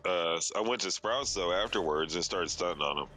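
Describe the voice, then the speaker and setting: A man's voice: low voice, brisk, sharp tone, slight background noise. A man chatting casually on a stream in a laid-back, drawling way with plenty of cursing. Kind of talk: casual chat.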